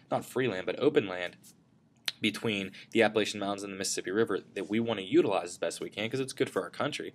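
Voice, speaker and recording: A man's voice: fairly low pitch, fast talker. A man teaching a history lesson over slides, in a casual way with frequent fillers and self-corrections.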